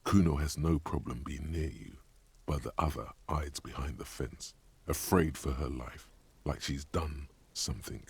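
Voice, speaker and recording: A man voicing the solemn inner voice of a detective game, speaking slowly and advising the player in the second person. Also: rumbling low, vocal fry, a little mellow, breathy edge, full character voice. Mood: grave. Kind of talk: game narration.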